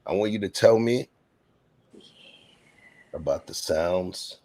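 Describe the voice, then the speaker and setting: Deep gravelly-voiced male interviewer. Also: animated, warm tone. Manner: slow, deliberate, coaxing prompts. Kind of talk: interview questioning.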